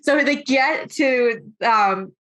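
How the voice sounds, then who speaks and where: A young woman hosts a relaxed interview over a call, telling stories in an animated, rambling way. Her voice sits a little high and comes across bright and sharp. She keeps tripping over and restarting her sentences. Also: takes it slowly. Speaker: host. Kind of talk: casual interview chat.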